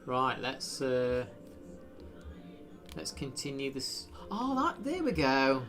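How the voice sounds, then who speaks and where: A man's voice: mid-range voice, big pitch swings, slow, a bit bright, faint music behind. A man chatting casually while live streaming a video game, rambling with lots of fillers. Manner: rambling, self-deprecating, frequent fillers.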